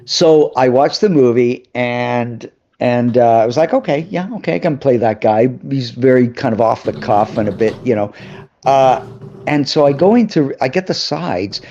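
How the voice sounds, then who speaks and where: A man guest on a live interview show, telling lively anecdotes and acting out the voices of other people. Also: medium pitch, normal speed. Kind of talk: animated storytelling in an interview. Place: live video call. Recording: slightly dull, lo-fi sound.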